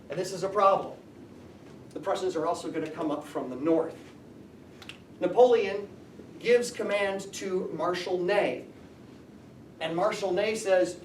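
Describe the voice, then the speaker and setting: A man teaching a high school history class, explaining and asking the students questions. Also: slight background noise. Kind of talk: classroom lecture. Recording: echoey classroom from far off.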